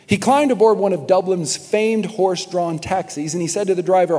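A man preaching a sermon as pastor, impassioned, swinging from shouts down to quiet, probing questions. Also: high voice, normal speed, few pauses. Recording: music and long hall reverb.

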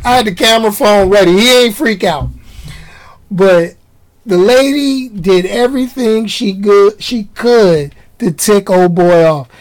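A man vlogging, telling a rambling, casual story in slangy talk and often jumping up in pitch for emphasis. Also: poor audio.

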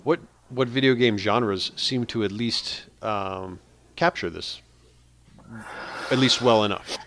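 A man's voice: on the low side, takes it slowly, background noise. A man hosting a casual podcast, steering the talk along with loose restarts. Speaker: podcast host. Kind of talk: casual chat.

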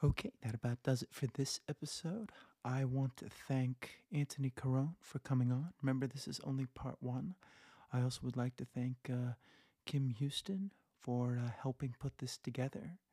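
A man hosting a podcast, asking hesitant questions with fillers and reading a brisk sign-off. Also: medium pitch, mellow, no echo. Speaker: podcast host. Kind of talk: casual interview questions.

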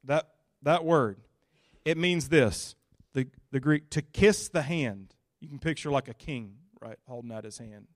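A male pastor preaching a sermon in a folksy, casual, animated way. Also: mid-range voice, a little slow, dry recording, studio quality.

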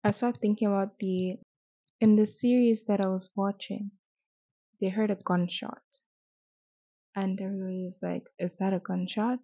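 Soft, flat-voiced young Nigerian-born woman. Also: medium pitch, moderate pace, long pauses, no echo. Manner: soft-spoken, hesitant, with restarts. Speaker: podcast host. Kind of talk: personal reflective monologue. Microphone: distance varies, mic briefly out of reach. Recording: dull, muffled home recording.

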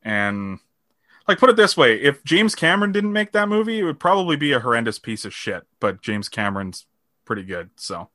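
A man's voice: medium pitch, very animated, brisk, bright, forceful tone, no echo, clean studio sound. A man in casual conversation, giving laid-back, opinionated takes on movies.

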